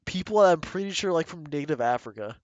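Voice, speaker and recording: A man's voice: a little high, expressive, fast talker, dry recording. A man co-hosting a podcast in casual chat, crude and rambling, laughing often. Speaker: podcast co-host. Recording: dull lo-fi sound.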